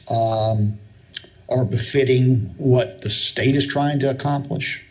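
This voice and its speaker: A man presenting a report at a public meeting, speaking deliberately and haltingly with many fillers. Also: medium pitch, poor audio. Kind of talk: formal meeting discussion.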